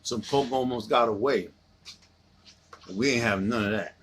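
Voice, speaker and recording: A man vlogging a cereal mukbang, chatting in playful slang and dropping into low seductive asides to his bowl. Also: normal speed, fairly bright tone, slight background noise. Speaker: vlogger eating cereal on camera. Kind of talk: casual mukbang vlog.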